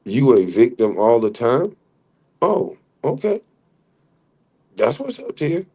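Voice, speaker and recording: A man's voice: medium pitch, very animated, moderate pace, dark tone. A middle-aged man hosting a livestream, arguing heatedly with a rival and mocking him with frequent laughs. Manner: mocking, combative, laughs often. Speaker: livestream host.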